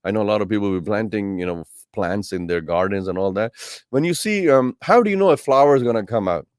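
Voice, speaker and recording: Animated male Quran teacher, dry sound. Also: on the low side, fast talker, clean tone, dry recording. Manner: animated, acts out quoted voices; addresses listeners as brothers and sisters. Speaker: Islamic teacher. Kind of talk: Quran tafseer lecture.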